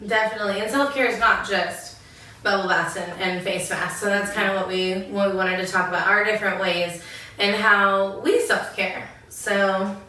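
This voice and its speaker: Bright-voiced woman in an echoey room. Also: mid-range voice, fairly even intonation, moderate pace. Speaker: podcast co-host. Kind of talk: casual chat. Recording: echoey room, mic far off.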